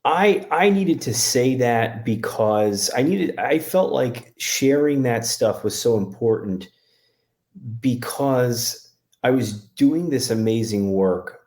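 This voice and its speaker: A man from Connecticut talking candidly as an interview guest, halting with many restarts. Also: medium pitch, lively intonation, a little mellow. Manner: halting, lots of restarts and fillers. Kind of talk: candid personal conversation.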